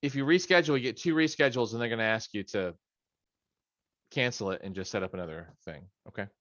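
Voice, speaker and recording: A man's voice: fairly low pitch, quick pace, fairly bright tone, no echo, muffled recording. A middle-aged man leading a study session on a video call from his home office, in a casual, rambling way with joking asides. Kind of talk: casual training talk.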